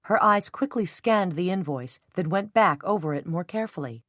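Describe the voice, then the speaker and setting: Here a woman narrates a novel as an audiobook reader, following a script in a measured, even storytelling manner. The lowish voice comes through clean studio sound with no trace of the room.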